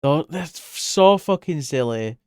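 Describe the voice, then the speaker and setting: A man chats loosely with his viewers as he draws, laughing often, cursing freely and now and then jumping up into excited squeals. His voice is smooth and clear, and he talks at an unhurried pace. The sound is dry and close. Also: no echo. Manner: giggly, swears freely, jumps to high excited squeals. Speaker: streamer drawing live. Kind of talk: casual chat while drawing.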